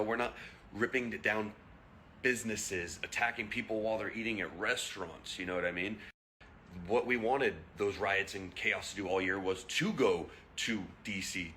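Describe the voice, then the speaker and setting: A man's voice: fairly low pitch, bright, forceful tone, a little hiss or hum. A young man ranting heatedly to camera, blunt and profane, firing off rhetorical questions. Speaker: vlogger.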